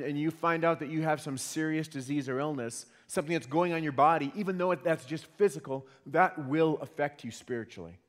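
A man preaching a sermon in an earnest way, often repeating words as he starts a phrase. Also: a little high. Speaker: pastor. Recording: long hall reverb.

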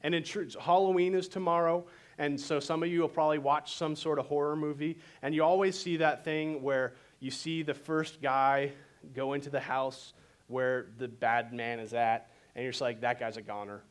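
A man preaching a sermon and telling the story in an animated way. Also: on the high side, normal speed, clean tone. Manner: animated storytelling, voices quotes dramatically. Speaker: pastor.

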